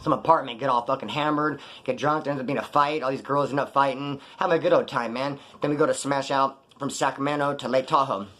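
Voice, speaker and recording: Talking fast with hardly any pauses, this young man's mid-range voice carries a slang-heavy, cursing monologue. As a vlogger sharing stories from prison and after his release, he animatedly voices the people involved in rough street language.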